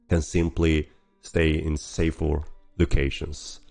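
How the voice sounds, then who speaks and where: A man hosting a casual livestream Q&A while hoarse from a cold, with a rough, gravelly voice, coughing and clearing his throat often. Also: extremely low pitch, takes it slowly, darkish tone. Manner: chatty, frequent throat clearing and laughs. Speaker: game developer hosting a weekly stream.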